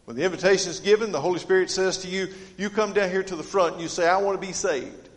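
A man preaching a sermon in an earnest, dynamic way, his voice sitting a little higher than most men's. He moves from ringing appeals down to hushed, low lines. The sound carries a long reverb, as in a church sanctuary. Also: quick pace. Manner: earnest, dynamic delivery swinging from loud to hushed. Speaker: pastor.

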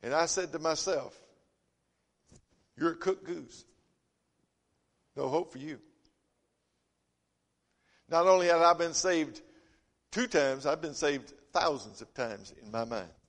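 A man preaching a sermon, telling folksy stories and swinging between loud emphasis and quiet asides. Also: fairly high pitch, slow pace, long pauses. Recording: long reverb of a church hall.

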